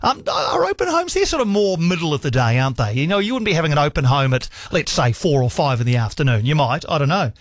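A man's voice: fairly high pitch, big pitch swings, fast talker, hardly any pauses, no room sound, clean studio sound. A man hosting a sports radio call-in show, enthusiastic, laughing often and reeling off stats. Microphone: studio microphone.

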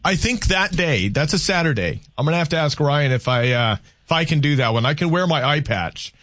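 A man's voice: on the high side, lively intonation, brisk, fairly bright tone, slight background noise. A man hosting a call-in radio talk show in a studio, chatting casually and rambling with self-deprecating humor. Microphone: studio mic.

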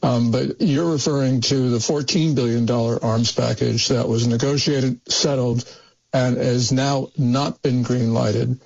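A man co-hosting a talk radio discussion, asking measured, pointed questions. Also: medium pitch, fairly even intonation, creaky, a little mellow. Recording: dull lo-fi broadcast audio.

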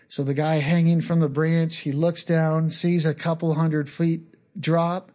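A man preaching a sermon in a slow, earnest, conversational way, often leaning on casual asides to the listeners. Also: fairly high pitch, level tone, a little mellow. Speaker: pastor.

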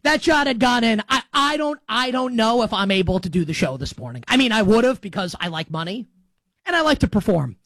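Excitable high-voiced New sports host. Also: male voice, a little fast, no room sound, poor audio. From New York. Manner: excitable, rambling, shouting bursts. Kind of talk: impassioned sports monologue.

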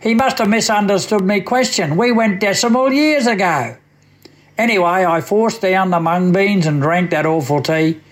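High-voiced Australian man reciting bush verse. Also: moderate pace. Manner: wry, yarn-spinning storyteller. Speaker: radio poet. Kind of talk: reciting a comic bush poem.

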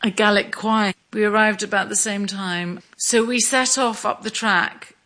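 Slow, measured middle-aged woman. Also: medium pitch, steady tone, bright, forceful tone. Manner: slow, measured storytelling with small restarts. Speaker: interviewee. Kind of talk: reflective interview.

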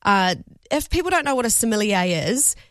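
A chatty woman with a New Zealand accent hosts a breakfast radio show, laughing easily and tripping over tricky words. Her voice sits on the higher side. The studio sound is dry and close. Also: big pitch swings, fairly quick, a bit bright, dry recording. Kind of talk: casual radio interview.

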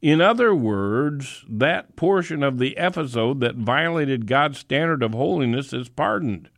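A man preaching a sermon, reading scripture slowly and emphatically, with some fillers and restarts. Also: mid-range voice, lively intonation, dry recording, studio quality. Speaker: preacher and Bible teacher.

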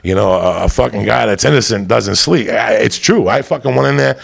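A man's voice: lowish voice, a little fast. A man doing stand-up, telling a story in a rowdy, boisterous, profane way. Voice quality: gravelly. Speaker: stand-up comedian.

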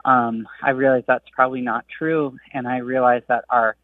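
A man's voice: mid-range voice, little pitch movement, moderate pace, dry recording. A man from Arizona with a southern Arizona accent, calling a radio show and asking a question thoughtfully, with some hesitation. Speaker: caller. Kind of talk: call-in question. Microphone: telephone. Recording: tinny distant phone line.

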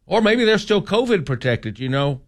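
A man's voice: high-pitched, very animated, moderate pace. A man co-hosting a casual radio chat, chatty and reading out facts. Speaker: radio co-host.

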